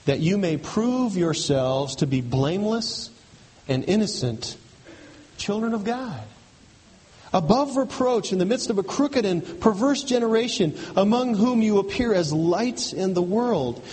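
High-voiced man preaching in a reverberant hall. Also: animated, unhurried, a little mellow. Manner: emphatic, repetitive preaching with rhetorical questions. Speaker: pastor. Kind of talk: sermon.

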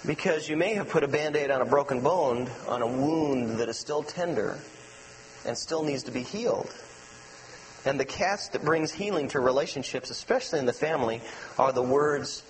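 A man preaching a sermon as pastor, telling personal stories with animation and dropping to a soft, low voice for emphasis. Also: moderate pace. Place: church sanctuary. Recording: long hall reverb with faint mains hum.

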